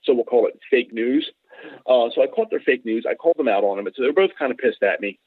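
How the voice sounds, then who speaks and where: A man's voice: mid-range voice, fast talker, breathy edge, dry recording. A man in a casual chat on a call, telling rambling stories and acting out the people in them. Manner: rambling, animated, acts out other people in quotes. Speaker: podcast guest. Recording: tinny phone line, dry.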